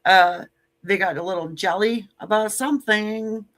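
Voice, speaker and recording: A woman's voice: mid-range voice, unhurried, a bit bright. A woman giving a casual tarot reading to camera, blunt and joking, with sassy asides and casual swearing. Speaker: tarot reader.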